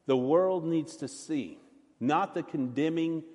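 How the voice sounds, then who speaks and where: Male pastor preaching a sermon, fairly high voice, earnest, loud then soft, church reverb. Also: slow pace.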